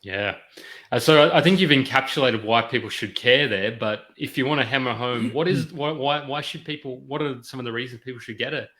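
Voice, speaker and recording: A man hosts a podcast with a bright, forceful voice at a mid pitch. He jokes between questions and often restarts his sentences. His tone stays loose and casual. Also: brisk. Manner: jokey, stumbling over restarts. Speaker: podcast host.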